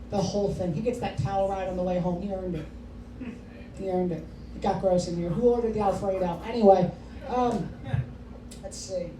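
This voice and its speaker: A male stand-up comedian working the crowd in a comedy club, brash and profane, teasing the audience. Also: high voice. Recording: echoey room, distant mic, noisy.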